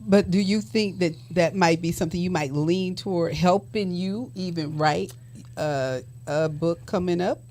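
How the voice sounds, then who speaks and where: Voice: mid-range voice, a little slow, darkish tone. Host asking long winding questions. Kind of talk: casual interview questions.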